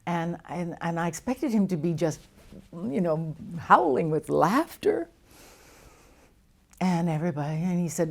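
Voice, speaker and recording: Older woman, low voice, warm tone, storytelling interview guest, laughs and restarts. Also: unhurried, creaky, long pauses. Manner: animated anecdotes with frequent laughs and restarts.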